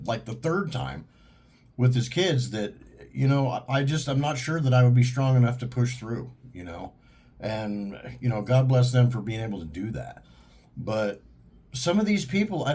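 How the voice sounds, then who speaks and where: A man's voice: mid-range voice, dark tone. A man delivering a heated, profane monologue in a blunt, ranting manner. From United States. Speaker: vlogger. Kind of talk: monologue to camera.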